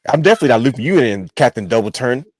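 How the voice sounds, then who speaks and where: A man co-hosting a wrestling podcast, telling a long-winded story with animated quotes. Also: mid-range voice, rapid-fire, dry recording. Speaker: podcast co-host. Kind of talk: casual chat.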